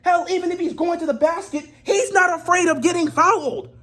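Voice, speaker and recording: A woman delivering a heated sports rant, exasperated and repeatedly shouting in disbelief. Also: very high voice, fairly quick. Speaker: sports commentator.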